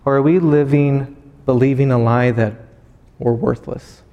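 A man's voice: medium pitch, steady tone, measured pace, dull audio. A man in his thirties giving a sermon, earnest and personal, often restarting his phrases. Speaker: pastor. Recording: hall with long reverb.

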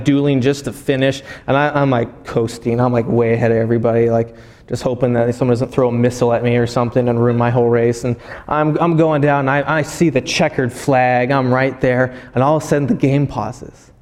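A man, a pastor, preaching a sermon as animated storytelling and acting out voices. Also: medium pitch, long reverb tail.

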